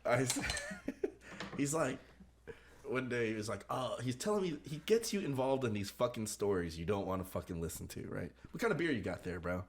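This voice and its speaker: A man's voice: medium pitch, big pitch swings, a little fast. A man co-hosting a podcast in casual chat, telling loose stories with swearing and laughs. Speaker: podcast co-host.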